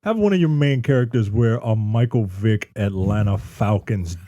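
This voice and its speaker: A man's voice: fairly low pitch, normal speed, mellow. A man co-hosting a movie-review podcast, incredulous and profane, stammering a little as he builds his points. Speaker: podcast co-host. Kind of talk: casual movie-review banter.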